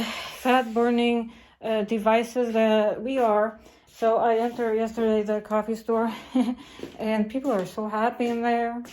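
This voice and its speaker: A woman vlogger talking on in a loose, wandering monologue, her voice sitting a little high. She stops and restarts often, repeats her phrases, and lifts into a higher voice when she acts out what she said. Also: a little mellow, low-quality recording. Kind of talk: rambling casual monologue.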